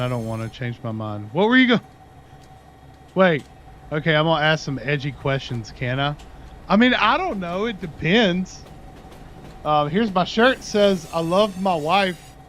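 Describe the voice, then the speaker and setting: A man's voice: on the high side, fairly bright tone, a little hiss or hum. A man chatting casually on his livestream, telling a long rambling story and talking to his dog in between. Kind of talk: casual chat with stream viewers.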